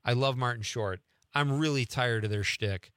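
A man's voice: medium pitch, moderate pace, no echo, studio quality. A man hosting a talk radio show, chatting easily with a guest and introducing the next segments. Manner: chatty, warmly enthusiastic. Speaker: radio host.

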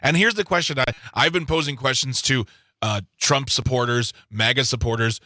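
A man's voice: medium pitch, moderate pace, pushed and bright, no echo. A male panelist posing pointed questions in a political talk show discussion.

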